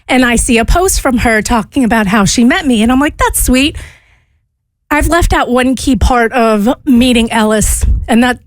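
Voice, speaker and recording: A woman with a light Southern accent tells a self-mocking story on a radio show. Her voice sits high. It sounds dry and close in the studio. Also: expressive, normal speed, no echo. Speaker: radio co-host. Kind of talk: casual storytelling.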